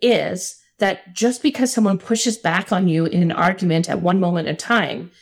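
A middle-aged woman with a slightly low voice tells a personal story as an interview guest. She speaks earnestly and stresses her points hard. She often breaks into a laugh. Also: moderate pace. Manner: earnest and emphatic, with frequent laughs. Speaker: podcast guest.

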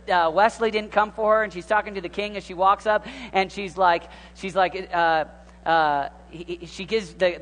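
Man, thirties, preacher, high voice, rambling, lively, long hall reverb. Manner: animated, rambling, jumps from hushed to exclaiming. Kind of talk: informal sermon.

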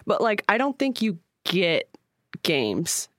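A young woman co-hosting a laid-back podcast, bouncing her pitch around as she teases her partner and jumps in with quick replies. Her tone is playful and chatty. The recording is dry and close to the mic. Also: sing-song, fairly bright tone, no echo. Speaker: podcast co-host. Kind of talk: casual chat.

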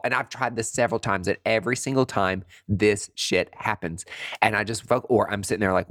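A man talking casually to his listeners, acting out his own thoughts in quick jumps to high, dramatic voices. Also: fairly bright tone, dry recording, clean studio sound. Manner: swears freely, says "girl" and "honey". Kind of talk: casual monologue.

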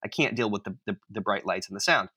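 A man co-hosting a podcast, telling a comic story in an animated, self-mocking way. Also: fairly low pitch, fast talker, slightly rough. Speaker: podcast co-host.

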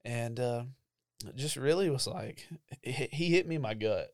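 A young man on a church ministry staff casually shares a personal testimony of his call to ministry, storytelling conversationally with frequent fillers and plenty of emotion. His mid-range voice is expressive, a little mellow, and at normal speed, recorded in a clean studio with no room sound.

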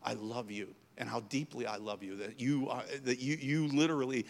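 A man's voice: mid-range voice, steady tone, normal speed, vocal fry, long reverb tail. A middle-aged man preaching a sermon, telling a story and then pressing his point with growing emphasis.

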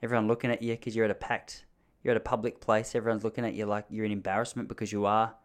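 A man telling an embarrassing story from his youth in an animated, self-mocking way. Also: racing. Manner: animated, self-mocking, jumps into high panicky voices for his younger self. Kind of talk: comic storytelling.

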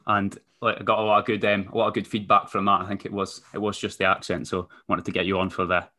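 A man hosting a podcast, relaxed and friendly, pausing often with ums. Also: lowish voice. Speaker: podcast host. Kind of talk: casual podcast interview.

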